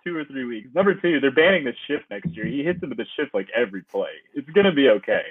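An exasperated man on a sports podcast, swearing and laughing as his pitch swings around. His husky voice comes through a tinny, phone-like line that sounds dry and close. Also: expressive, fast, dry recording. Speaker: podcast co-host. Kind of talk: casual sports talk.

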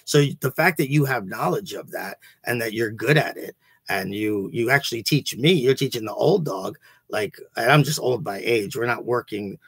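Gravelly-voiced man rambling casually. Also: mid-range voice, lively intonation, normal speed, fairly bright tone, no room sound. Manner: rambling and profane, with frequent restarts. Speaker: podcast host and teacher. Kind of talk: casual chat.

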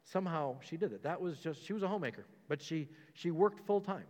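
A man's voice: fairly high pitch, animated, fast talker, a little mellow. A man pastor preaching a sermon in a conversational, emphatic way, firing rhetorical questions and repeating his points. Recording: long reverb of a large hall.

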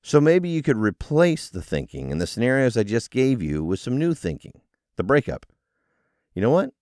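A man hosting a solo motivational podcast, explaining ideas in an animated, coaching delivery. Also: mid-range voice, moderate pace, dry recording, clean studio sound. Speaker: podcast host.

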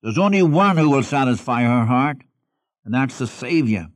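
A man preaching at a middle pitch, reading scripture aloud and then pressing his listeners with direct questions. The recording is dry and close, with no room sound around his voice. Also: lively intonation, normal speed, no room sound. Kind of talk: expository sermon.

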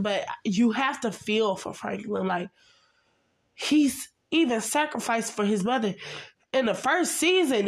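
A woman's voice: a little high, breathy edge. A young adult woman giving a casual, chatty TV recap, talking straight to her viewers in a gossipy way. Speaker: vlogger.

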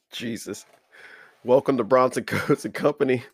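A man's voice: medium pitch, a little slow, breathy edge, dry recording, studio quality. A man hosting a casual comedy podcast, loose and slangy, laughing so hard he is in tears as he talks. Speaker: podcast host.

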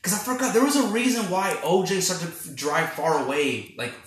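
A man hosting a casual film review chat, retelling scenes in a rambling, animated way with quoted reactions. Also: high voice, moderate pace. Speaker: podcast host. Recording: echoey room.

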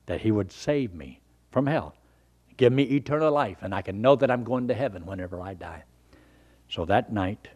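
An older man preaching a sermon and telling his own conversion story in an earnest, folksy way, swinging from loud emphasis down to hushed near-whispers. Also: on the low side, breathy edge. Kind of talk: sermon with personal testimony.

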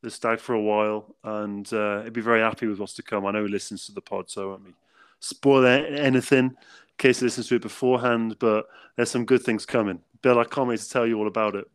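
A man's voice: fairly low pitch, steady tone, fast, clean tone. A man, co-hosting a podcast in an upbeat casual chat. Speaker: podcast co-host.

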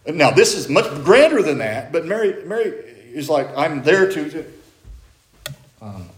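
A man's voice: on the high side, very animated, a little slow, long pauses. A middle-aged man, a pastor, preaching a sermon in a chatty way and putting questions to his congregation. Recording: echoey church room.

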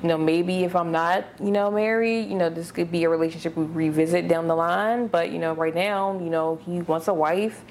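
A woman in her late twenties co-hosting a casual chat, rambling and relaxed with lots of fillers. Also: on the low side, a little fast, few pauses, slight background noise. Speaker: podcast co-host.

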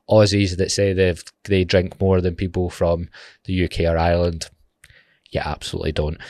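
A man's voice: low-pitched, dry recording, studio quality. A young man with a Glaswegian Scottish accent, hosting a solo podcast in a rambling, sweary, jokey way. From Glasgow, Scotland. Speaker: podcast host. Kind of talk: casual solo podcast chat.

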